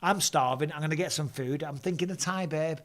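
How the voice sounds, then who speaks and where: A man's voice: on the high side, a little fast, fairly bright tone. A man hosting a live stream from home, chatting casually in a blunt, jokey way.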